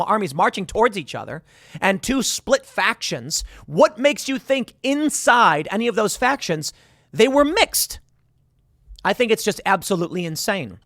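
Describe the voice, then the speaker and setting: Guy hosting a commentary show, sarcastic, arguing, pitch swinging all over, dry sound. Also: no room sound. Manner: animated, argumentative and sarcastic. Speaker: host. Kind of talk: political commentary.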